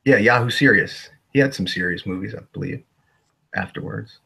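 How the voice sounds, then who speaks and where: A man in a casual chat, making loud asides. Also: fairly low pitch, moderate pace, vocal fry, slight background noise.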